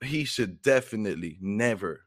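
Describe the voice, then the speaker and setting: A man's voice: fairly low pitch, lively intonation, normal speed, dry recording, studio quality. A man co-hosting a casual boxing talk show, giving blunt, opinionated takes. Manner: opinionated, frank, with restarts.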